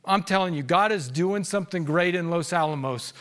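A man preaching a sermon as pastor to his congregation, telling animated stories that swing from hushed asides to shouts, and laughing at his own stories. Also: sits high, brisk. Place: church service before a congregation.

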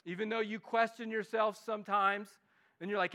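A man with a Midwestern American accent preaching an earnest sermon at a church service, repeating words and rising to loud pleas. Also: high voice, moderate pace. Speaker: pastor.

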